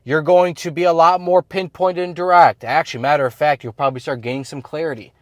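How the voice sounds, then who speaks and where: A man's voice: fairly high pitch, steady tone, fast talker, no echo, clean studio sound. Blunt, slangy male coach. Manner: blunt, slangy, filler-heavy talk. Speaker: men's self-improvement coach. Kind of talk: casual advice monologue.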